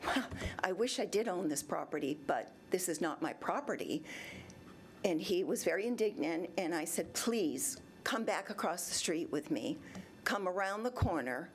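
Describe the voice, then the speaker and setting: A woman's voice: fairly low pitch, a little hiss or hum. A woman in her seventies addressing a city council chamber, telling her complaint in a rambling way and acting out both sides of past conversations. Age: 70s. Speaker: resident speaking at public comment. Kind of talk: recounting a personal complaint.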